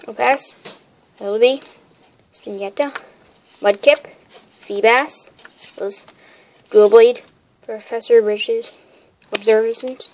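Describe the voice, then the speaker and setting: A woman casually opening trading card packs, listing the cards and getting excited over good pulls. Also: fairly high pitch, takes it slowly, long pauses. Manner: excitable, lists card names. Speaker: card pack opener. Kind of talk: casual unboxing chat. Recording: crinkling wrappers and noise behind.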